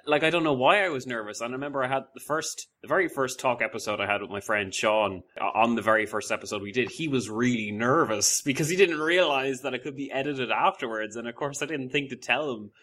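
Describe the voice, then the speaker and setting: A man's voice: medium pitch, fast talker, hardly any pauses, pushed and bright. A man hosting a podcast, chatting casually in a rambling, self-deprecating way with many restarts. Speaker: podcast host. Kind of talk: casual conversation.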